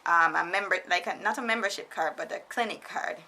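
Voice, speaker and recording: A young woman casually telling a storytime vlog, animated and laughing often, quoting people in put-on voices. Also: lowish voice, a little fast, slight background noise. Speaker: vlogger. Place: foreigner living in Japan.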